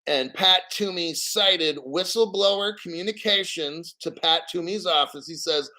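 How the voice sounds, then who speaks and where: On his crypto channel's casual live stream, a middle-aged host rants bluntly in a high, bright, forceful voice. He talks a little slowly with hardly any pauses, swears plenty, rambles, and reads out bits of news.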